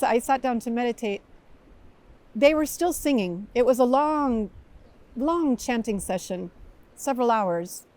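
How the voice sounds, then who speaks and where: A woman who is a spiritual teacher, telling a personal story in a reflective way and laughing softly now and then. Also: a little high. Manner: reflective, with frequent soft laughs.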